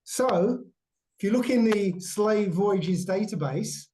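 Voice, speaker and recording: Halting man with a mellow voice. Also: high voice, a little hiss or hum, poor audio. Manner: halting, checks in with "right?" and "yeah?". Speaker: guest explaining a theory. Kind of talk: explanatory chat over shared slides.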